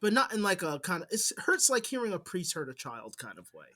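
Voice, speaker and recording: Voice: mid-range voice, sing-song, brisk, bright, forceful tone. A podcast co-host in casual chat, blunt and jokey, swearing for emphasis.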